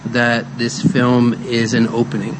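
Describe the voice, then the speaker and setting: A man's voice: medium pitch, monotone, measured pace. Man thanking everyone at a panel, lots of ums, noisy room behind him. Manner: hesitant, lots of ums and restarts. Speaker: film co-director on a panel. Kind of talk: closing panel remarks. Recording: noisy room with clear background noise.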